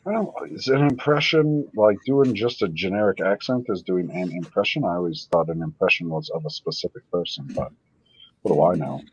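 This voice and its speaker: A man's voice: sits low, husky, highs cut off. A man hosting a casual livestream, talking loosely and swearing often. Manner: loose, swearing, quick laughs. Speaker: livestream host. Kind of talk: casual profane chat.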